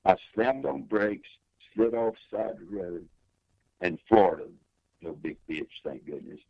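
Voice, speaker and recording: A man's voice: animated, measured pace, gravelly, dry recording, muffled recording. An older man, a guest singer, telling a personal story in an interview with emphatic, swinging delivery. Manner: emphatic testimony with big pitch swings.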